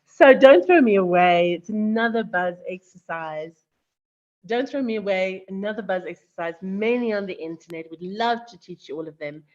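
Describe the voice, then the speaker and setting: A woman presenting on arts education at a conference, explaining in a measured way. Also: medium pitch, darkish tone. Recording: slightly dull, lo-fi audio.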